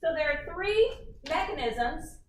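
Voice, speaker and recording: Woman lecturer, high voice, lively and chatty, questions the class, echoey hall from far off. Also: a little slow, a little hiss or hum. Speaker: university lecturer. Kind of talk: university lecture.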